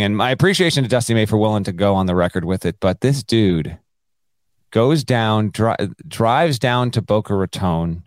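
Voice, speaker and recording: A man's voice: fairly low pitch, smooth, dry recording. A man co-hosting a college basketball podcast, telling a story in casual chat and acting out the quotes. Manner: animated storytelling, acts out quotes. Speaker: podcast co-host.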